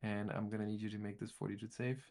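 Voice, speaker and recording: A man with a low, gravelly voice runs a tabletop game as game master. He narrates turns casually and thinks aloud with restarts. His voice has a steady crackle of vocal fry. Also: fast.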